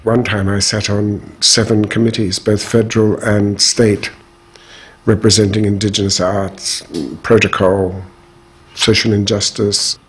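A husky, low-pitched older man telling his own story in an interview. He speaks in a measured and frank way, with firm opinions. His voice has a breathy grain throughout. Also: level tone, fairly bright tone. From Australia. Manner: measured, frank, strong views. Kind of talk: reflective personal storytelling.

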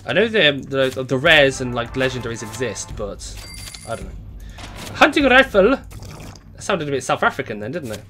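Brief: young male streamer, lively rambling chat, faint music underneath. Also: mid-range voice, normal speed. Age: young adult. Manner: rambling, chatty, reads out chat. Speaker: game streamer. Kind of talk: casual live-stream commentary.

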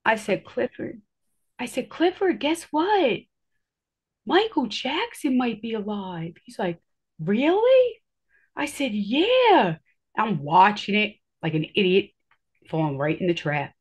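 Husky woman rambling thru a story, lots of "like", acts out the quotes. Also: medium pitch, very animated, measured pace. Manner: rambling, heavy filler words, acts out quotes. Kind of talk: casual personal storytelling.

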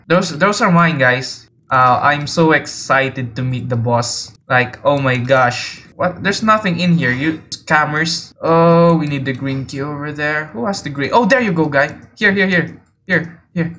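Excitable high-voiced male gamer. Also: unhurried, slight background noise. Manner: excitable, jumpy, often yelps and laughs, teases other players. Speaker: video game player. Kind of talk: let's play gameplay commentary.

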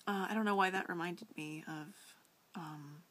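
A young woman talks casually to a friend on camera, rambling through her thoughts with plenty of fillers, restarts and little giggles. Her voice sits on the low side for a woman. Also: normal speed, fairly bright tone. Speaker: vlogger replying to a friend. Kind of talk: casual video reply.

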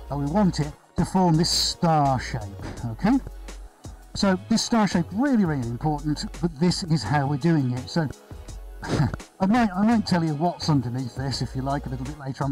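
Brief: upbeat male artist host, slightly high voice, chatty and rambling, live-stream feel. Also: darkish tone, low-quality recording. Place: indoor studio floor with extractor fan.

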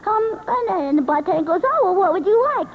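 Super high squeaky muppet telling rambling jokes, "right?" every line, muffled old camcorder sound. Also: male voice, animated, fairly quick. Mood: chatty. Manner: rambling joke-telling, ends lines with "right?". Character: high-voiced male Muppet monster, a chatty joke-teller. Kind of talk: live puppet stand-up at a party. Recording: dull lo-fi 1980s camcorder audio with faint noise.

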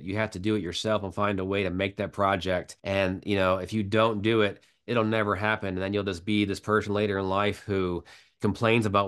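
A man with a low, smooth voice chats in an interview. He rambles loosely through his stories and keeps restarting sentences. His tone stays relaxed and conversational. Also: normal speed. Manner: rambling, many fillers and restarts. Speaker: guest, filmmaker. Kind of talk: casual storytelling interview.

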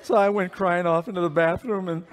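Animated man preaching to children. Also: sits high, a little fast. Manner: animated, playful storyteller. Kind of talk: storytelling sermon for children. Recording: reverberant hall.

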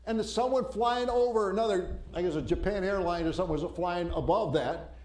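A man preaching a sermon, telling a story in an animated way and acting out panicked voices. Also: high-pitched, brisk. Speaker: pastor. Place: church sanctuary. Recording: roomy church echo.

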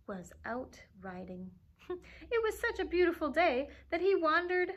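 Expressive woman reading a storybook aloud. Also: high voice, unhurried, slight background noise. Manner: expressive, with playful asides and gasps. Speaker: children's librarian.

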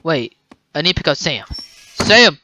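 A gameplay commentator who swings between loud, sweary yelling at the game and low muttering to themself. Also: big pitch swings, a little slow, a little hiss or hum. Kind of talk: let's play commentary.

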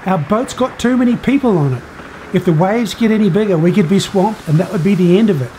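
A blunt fisherman captain from a children's Bible story, as a man puts him on, urgent and uneasy. The voice sits high for a man. Faint noise hangs in the background. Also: expressive, fast talker, dark tone, poor audio. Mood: worried.

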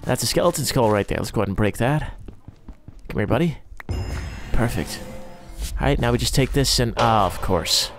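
A man's voice: medium pitch, animated, moderate pace, music in the background. Sarcastic young man narrating gameplay. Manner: sarcastic, self-deprecating running commentary. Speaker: role-play gaming creator. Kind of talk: narrated game role-play.

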